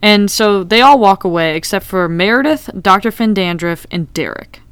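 A woman's voice: medium pitch, expressive, normal speed, clean tone, dry recording. A woman in casual podcast chat, recapping TV scenes and reading quotes aloud. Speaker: podcast co-host.

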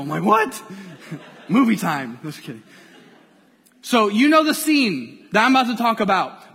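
A male pastor preaching with a notably high voice, playful and engaging as he pulls the congregation along. His words ring out with a long church-hall reverb. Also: husky. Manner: lively, playful, draws the congregation in. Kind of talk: sermon.

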